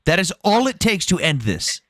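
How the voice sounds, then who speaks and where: A man hosting a live debate, hammering his points in a forceful, profane, rapid-fire way. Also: high-pitched, sing-song, a loud crowd. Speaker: debate host.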